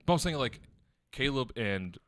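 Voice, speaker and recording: A man's voice: mid-range voice, expressive, moderate pace, dry recording. A man in his twenties co-hosting a podcast, chatting casually and telling stories with a laugh. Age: 20s. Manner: laid-back, laughing storyteller. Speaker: podcast co-host. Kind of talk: casual chat.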